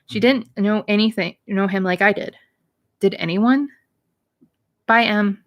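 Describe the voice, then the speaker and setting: A woman's voice: mid-range voice, measured pace. A woman, a teacher, reading a novel aloud in plain narration, lightly voicing the dialogue, with occasional slips and restarts.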